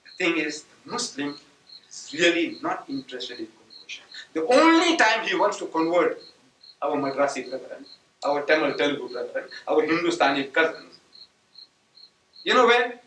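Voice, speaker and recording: A man's voice: a little high, very animated, moderate pace, bright, forceful tone, slight background noise. A man whose first language is Gujarati, giving a religious lecture with rhetorical questions and sudden emphatic outbursts. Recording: echoey hall taped from a distance.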